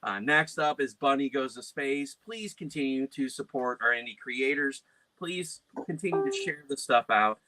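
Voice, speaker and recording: A man hosting a casual podcast chat, loud and animated, telling stories with silly voices. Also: mid-range voice, moderate pace. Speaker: podcast host.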